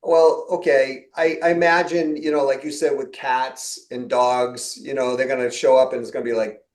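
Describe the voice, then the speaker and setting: Chatty podcast host in an echoey room. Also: male voice, mid-range voice, little pitch movement, normal speed, a little mellow. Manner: storytelling, acts out quoted exchanges with laughs. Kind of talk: casual podcast chat.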